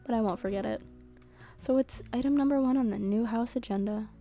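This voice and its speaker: A woman's voice: on the high side, brisk, warm tone, soft background music, natural voice. A woman voicing a middle-aged single father in a story game, reading his lines in a light, joking way. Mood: fussy. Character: middle-aged single dad, gentle and corny.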